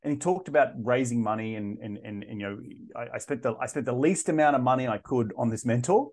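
A man in his thirties, a podcast guest telling his story in a casual interview, animated and often restarting his sentences. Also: mid-range voice, fast talker. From Australia. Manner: animated, frequent restarts and repeated words.

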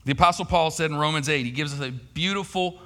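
A man's voice: on the high side, fast talker, sharp tone, in a large hall. A man preaching a sermon, telling a personal story in a folksy, conversational way. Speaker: pastor.

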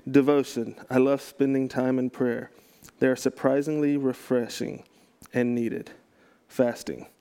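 A man's voice: mid-range voice, fairly even intonation, measured pace, dark tone, clear, resonant tone. A man from Texas, a pastor, giving a casual teaching talk to a group, chatty and self-correcting, with joking asides.

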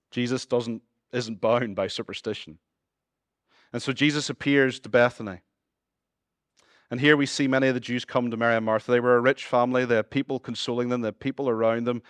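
A man with a Northern Irish accent preaching a sermon as pastor, moving between lively humorous asides and hushed, earnest appeals to his listeners. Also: medium pitch, no echo. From Northern Ireland.

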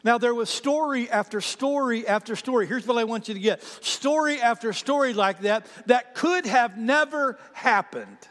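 A high-pitched male pastor preaching from a church stage, telling stories with animation. His voice rings out with a long reverb trailing through the sanctuary. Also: moderate pace, hardly any pauses. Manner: animated storyteller, quotes others in his own voice. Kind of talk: sermon with storytelling.

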